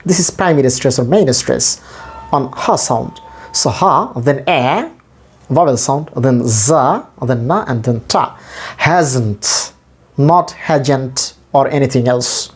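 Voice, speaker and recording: Husky guy teaching english pronunciation real slow, spells out each sound, says every word again. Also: mid-range voice, expressive. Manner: repeats each word slowly for learners; spells out letters and sounds step by step. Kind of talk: pronunciation lesson.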